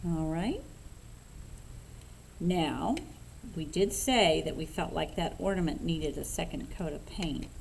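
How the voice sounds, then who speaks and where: A woman talking through a painting tutorial step by step, relaxed and unhurried, thinking aloud with fillers as she paints. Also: sits low, gravelly, slight background noise, poor audio. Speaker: craft instructor.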